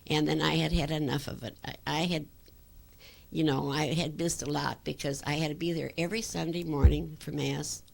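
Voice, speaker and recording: A woman's voice: sits low, fairly even intonation, moderate pace, creaky. An older woman telling stories from her childhood in an oral history interview, rambling with fillers and restarts.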